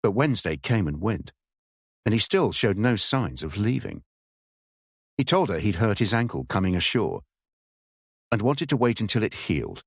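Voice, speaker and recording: Man reading an audiobook, lowish voice, measured and expressive, very dry close sound. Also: slightly rough, no echo. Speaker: audiobook narrator. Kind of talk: scripted audiobook narration.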